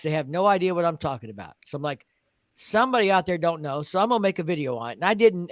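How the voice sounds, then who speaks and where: A man's voice: high voice, no echo. A man who makes motorcycle videos, talking plainly and folksily in a casual group chat.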